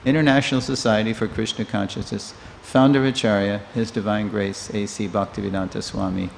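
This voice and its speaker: A man in his sixties giving a storytelling scripture class in a temple, a lively teller who acts out the people he quotes. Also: fairly low pitch, a little fast, vocal fry. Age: 60s. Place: temple hall. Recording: long reverb of a hall, faint noise.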